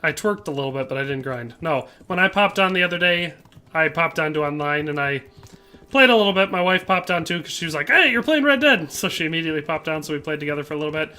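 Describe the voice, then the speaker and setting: Here the streamer talks fast in a high-leaning, pushed, bright voice. He plays a game while casually reading out viewer comments and tossing back playful, joking replies.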